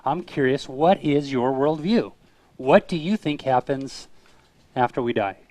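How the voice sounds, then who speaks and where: A man's voice: medium pitch, a little slow, no room sound. A man co-hosting a casual talk show, telling anecdotes and acting out the people in them. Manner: animated storyteller who acts out voices in his stories. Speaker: co-host of a street evangelism web show.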